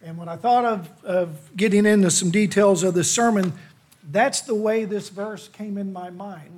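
A middle-aged man preaching a sermon in church, with a high-pitched voice and a husky edge. He talks to the congregation in a folksy, conversational way and pokes fun at himself. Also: darkish tone. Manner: folksy, self-deprecating, conversational. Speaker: lay preacher.

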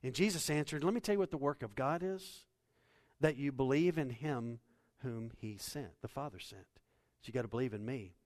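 A male pastor preaching a sermon to his church, swinging from hushed, low passages to loud, raised bursts. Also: normal speed, no room sound.

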